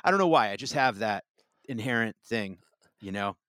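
A man's voice: lowish voice, lively intonation, normal speed, pushed and bright, no room sound, studio quality. A man co-hosting a podcast, telling a long story in casual chat, full of restarts and fillers. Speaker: podcast co-host.

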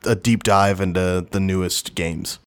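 A man's voice: low-pitched, fairly even intonation, measured pace, clean tone, no room sound. A man co-hosting a podcast, telling a story in a rambling way and laughing easily. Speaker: podcast co-host. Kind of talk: casual chat.

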